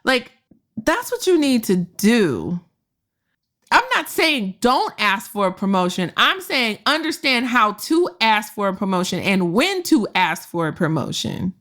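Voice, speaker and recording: A woman's voice: medium pitch, very animated, measured pace, fairly bright tone. A woman hosting a career podcast, telling a story with frank, slangy and profane advice, laughing often. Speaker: podcast host and career coach.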